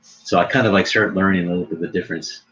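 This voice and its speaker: Deep-voiced laughing man, lo-fi call. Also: steady tone, racing, fairly bright tone, breathy edge. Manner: chatty, laughing, loose storytelling. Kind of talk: casual chat.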